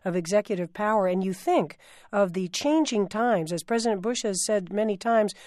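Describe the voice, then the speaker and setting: A woman's voice: mid-range voice, moderate pace, a little mellow, no echo, clean studio sound. A woman hosting a radio interview, asking probing questions and often repeating words as she phrases them. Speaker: radio host. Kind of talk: broadcast interview.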